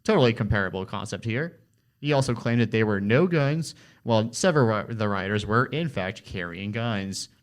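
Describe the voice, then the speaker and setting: A man's voice: on the low side, expressive, moderate pace. Teen boy, student co-presenter, sarcastic, incredulous, scripted commentary. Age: teens. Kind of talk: scripted commentary for a school project podcast.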